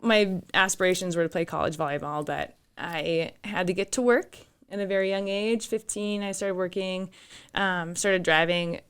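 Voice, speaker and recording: A woman's voice: lowish voice, fairly even intonation, normal speed, smooth. A woman in her thirties from northern Minnesota with a Minnesotan accent, a guest telling her story in a laughing, open way in a studio. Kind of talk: casual interview chat. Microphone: studio microphone.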